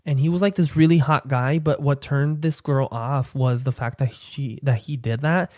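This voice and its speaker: A man's voice: steady tone, moderate pace, no room sound. A young man hosting his own podcast, chatting casually and playfully to listeners with campy asides. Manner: drops into a low, quiet "sweetie" aside. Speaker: podcast host. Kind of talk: casual solo podcast chat.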